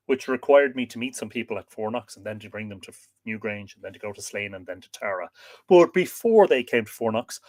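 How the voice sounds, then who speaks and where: A man's voice: mid-range voice, no room sound. Irish man chatting on a livestream. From Ireland. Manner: chatty, enthusiastic, laughing often. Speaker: livestream host. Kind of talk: casual livestream chat, reading viewer comments.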